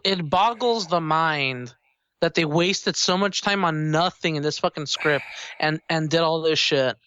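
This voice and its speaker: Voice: medium pitch, sharp tone, no room sound, dull audio. A podcast co-host in casual chat, exasperated and swearing often.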